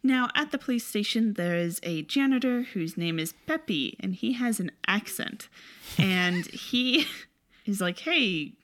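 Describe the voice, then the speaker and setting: A woman's voice: mid-range voice, animated, a little slow, a bit bright. A woman casually recapping a movie plot in a wry, chatty, sarcastic way.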